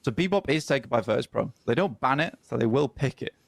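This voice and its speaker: Gravelly-voiced male esports caster. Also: medium pitch, lively intonation, no room sound. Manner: measured, analytical, frequent ums. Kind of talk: esports draft analysis commentary.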